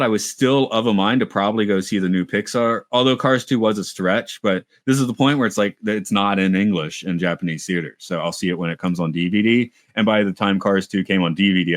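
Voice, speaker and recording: A man's voice: lowish voice, dry recording, studio quality. A man in a casual podcast chat who rambles, restarts his thoughts and thinks aloud. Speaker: podcast co-host. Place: lives in Japan.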